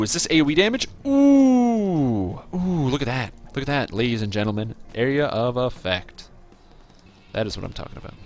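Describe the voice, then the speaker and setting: A man chatting casually to his viewers while streaming a video game, rambling and reacting excitedly to the gameplay. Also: medium pitch. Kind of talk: casual live-stream commentary.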